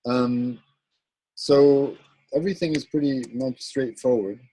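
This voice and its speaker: A man teaching an Arabic grammar lesson in a recorded class, explaining patiently with many pauses, ums and restarts. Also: mid-range voice, warm tone, rough recording. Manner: halting, searching for words, many ums and restarts; explains a grammar point patiently, checking with "right?".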